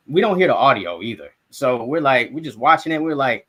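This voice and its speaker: A young man from South Florida tells a sports story in a loose, animated podcast chat. His pitch sits in an ordinary middle range for a man. He acts out his own reactions and swears freely along the way. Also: brisk. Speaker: sports podcast co-host and reporter. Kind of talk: casual sports talk.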